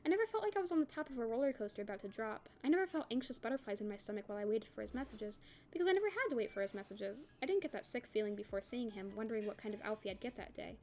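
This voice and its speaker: A woman reads a novel aloud for a book club, telling it in an expressive first-person voice. Her pitch sits a little high for a woman. She moves through the text at a quick clip.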